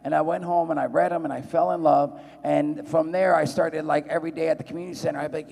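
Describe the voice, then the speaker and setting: Profane storyteller in a big hall. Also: male voice, fairly high pitch, quick pace, creaky, hardly any pauses. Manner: profane, rambling, animated voices in quotes. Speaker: convention panel guest. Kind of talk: storytelling to a live audience. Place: large convention hall. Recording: long hall reverb.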